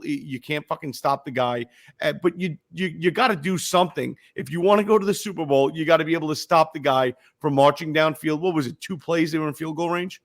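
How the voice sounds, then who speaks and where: A man co-hosting a casual sports podcast, blunt and profane, hammering his points with repeated phrases. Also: fairly high pitch. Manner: blunt, profane, emphatic with frequent repetitions. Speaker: podcast co-host.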